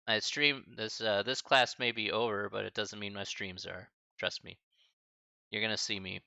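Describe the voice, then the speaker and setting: Choked-up man with a gravelly voice. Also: fairly low pitch, steady tone, pushed and bright, dry recording, dull audio. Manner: halting and choked up, many restarts and sighs; casual, friendly, calls listeners buddy and man. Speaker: math professor streaming a class. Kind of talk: emotional farewell talk to a live stream chat.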